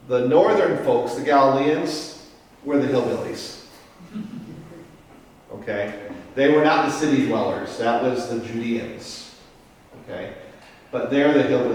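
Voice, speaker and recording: Picked up from a distance in an echoey parish meeting room, a mid-range male voice belongs to a parish priest teaching Bible study. He goes step by step in a relaxed manner, regularly checking in with the group by asking "Okay?".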